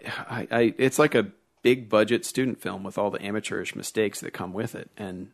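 A man's voice: fairly low pitch, normal speed, vocal fry. A man co-hosting a casual film review chat, ranting bluntly and swearing freely. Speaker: podcast co-host.

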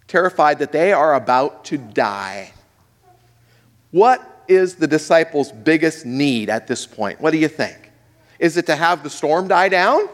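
A male pastor preaching a sermon, dramatic, swinging between loud and hushed, asking the audience questions. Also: fairly high pitch. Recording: echoey hall with long reverb.

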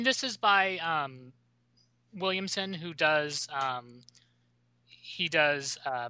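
A man's voice: on the high side, pushed and bright, clean tone, dry recording. A man co-hosting a casual podcast chat about comics, chatty, with fillers and frequent laughs. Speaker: podcast co-host.

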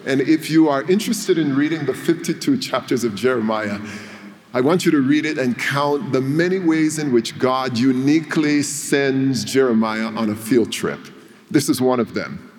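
A male preacher delivering a sermon, telling a story with dramatic pauses. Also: medium pitch, a little mellow. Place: church. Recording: long reverb of a church hall.

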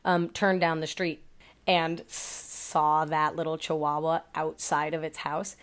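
Slightly low-voiced, swearing woman dog trainer. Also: little pitch movement, a little slow. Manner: profane, chatty storytelling with many fillers. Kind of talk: casual podcast chat.

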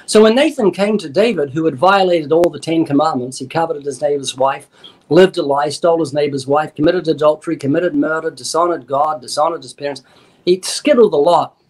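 A man speaks as an evangelist in a radio interview. His voice sits a little high, and he explains with earnest, emphatic conviction. He quotes scripture and slips into short acted-out dialogues as he makes his points. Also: a little fast, darkish tone. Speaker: evangelist guest.

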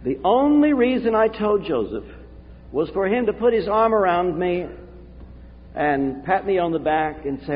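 A man preaching a sermon from the pulpit, earnest and confessional, with dramatic pauses. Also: high-pitched, big pitch swings. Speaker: pastor. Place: church sanctuary. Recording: tinny, echoey hall recording.

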